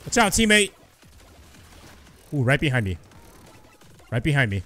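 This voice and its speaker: A young man giving excited live commentary over his own gameplay, shouting and cheering when he gets kills. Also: a little high, normal speed, long pauses, soft background music. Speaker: gaming youtuber.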